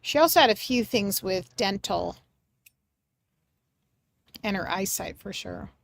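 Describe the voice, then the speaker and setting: A woman hosting a live mediumship reading for her chat, gentle and reassuring, searching for words with many pauses and fillers. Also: mid-range voice, vocal fry. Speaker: medium and livestream host.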